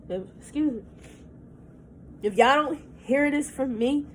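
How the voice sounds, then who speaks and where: A woman's voice: high-pitched, a little mellow, slight background noise, low-quality recording. A woman in her thirties venting in a personal vlog, upset and holding back tears, cursing and repeating herself. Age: 30s. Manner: agitated, repetitive, profane, restarts words. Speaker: vlogger. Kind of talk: emotional personal vlog rant.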